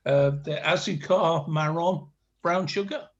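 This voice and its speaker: Hesitant student on dull audio. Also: male voice, a little high, a little slow. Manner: self-deprecating, chuckles, hesitant. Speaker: adult student. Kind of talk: reading practice lines in a lesson.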